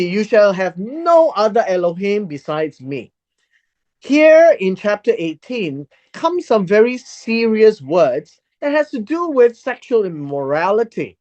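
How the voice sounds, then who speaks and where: Slow, lively-pitched Bible teacher. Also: highs cut off. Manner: reads verses aloud and explains them word by word.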